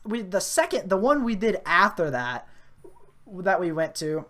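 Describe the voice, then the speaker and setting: A woman's voice: on the low side, a little slow. A young woman hosting a podcast, telling a casual story full of fillers and restarts. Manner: rambling with many fillers and restarts; grows animated and loud at the climax. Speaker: podcast host.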